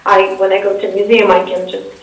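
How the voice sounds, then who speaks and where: An Eastern European young woman with a Russian accent answers interview questions slowly and hesitantly, her delivery flat and packed with fillers and false starts. Her ordinary-pitched voice sounds distant from the mic in an echoey room.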